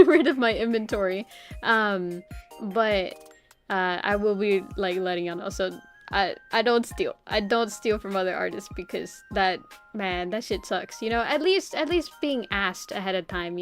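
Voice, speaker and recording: A woman's voice: medium pitch, moderate pace, faint music behind. A young woman streamer chatting casually and rambling, with lots of "like" and frequent laughs. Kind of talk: casual live-stream chat.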